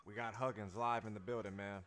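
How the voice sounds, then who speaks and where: A man's voice: on the low side, steady tone, fairly quick, fairly bright tone, soft background music. A man hosting a casual livestream as a dance teacher, talking loosely in slang to his viewers and repeating his phrases.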